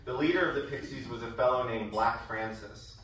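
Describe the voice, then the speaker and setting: This former student's speech at a school event is full of wry, laugh-filled storytelling. The young adult man talks at medium pitch and a little fast, recorded from far off in an echoey hall.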